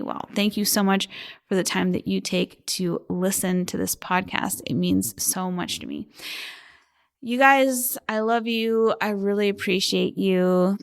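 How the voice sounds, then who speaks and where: Gushing woman podcast host, gravelly edges. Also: on the low side, measured pace. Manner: warm, heartfelt and gushing, often near tears. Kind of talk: reading listener reviews on a podcast; scripted disclaimer read.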